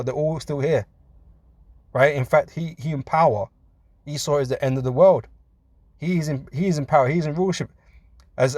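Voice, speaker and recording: A man teaching from scripture in a casual, conversational way, often saying "man" and laughing between points, and reading verses slowly. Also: a little high, a little mellow, no room sound. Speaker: preacher.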